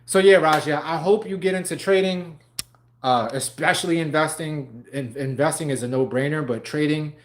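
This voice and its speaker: A man's voice: on the high side, moderate pace, slight background noise. A young man on a livestream talking casually and animatedly, swearing freely and laughing often. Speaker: live stream host.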